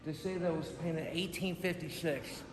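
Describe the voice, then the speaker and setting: A man's voice: fairly high pitch, moderate pace, background noise, close to an everyday voice. A man putting on a dim-witted, brash fat guy character with a dopey voice, filmed outdoors. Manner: dopey put-on voice, goofy deadpan jokes. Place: outdoors at a museum.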